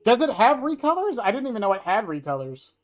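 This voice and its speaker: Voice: mid-range voice, very animated, fast, soft background music. A game streamer at a desk chatting casually with viewers, rambling and offhand, answering chat questions and swearing now and then. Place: at a desk indoors.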